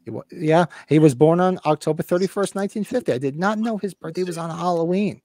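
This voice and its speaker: A man in his fifties co-hosting a casual livestream podcast, excited, swearing freely and acting out movie lines. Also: on the high side, quick pace, dry recording, clean studio sound. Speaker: podcast co-host.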